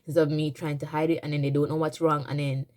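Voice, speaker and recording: A woman tells a storytime on her vlog in a casual, dramatic way. She rambles and restarts her sentences, and her voice sits low. Her tone is mellow and soft-edged. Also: level tone, quick pace. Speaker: vlogger.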